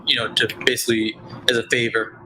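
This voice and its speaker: A man's voice: mid-range voice, little pitch movement, quick pace, sharp tone, a little hiss or hum, poor audio. A man joining a casual discussion over a video call, reasoning things out and checking in with "right?" often. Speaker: video chat guest.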